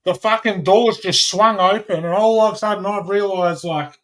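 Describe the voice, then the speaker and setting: Australian guy, animated storyteller, swears constantly, slightly high voice. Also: normal speed. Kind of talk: casual chat.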